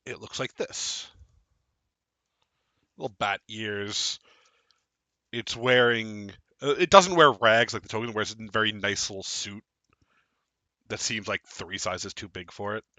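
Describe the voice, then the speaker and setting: A man narrating a tabletop game as game master, describing scenes slowly. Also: fairly low pitch, sharp tone, no room sound.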